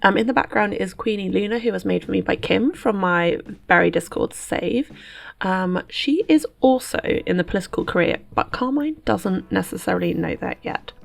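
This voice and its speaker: A woman's voice: medium pitch, normal speed, vocal fry. A woman, a host chatting playfully through casual game commentary. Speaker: let's play host.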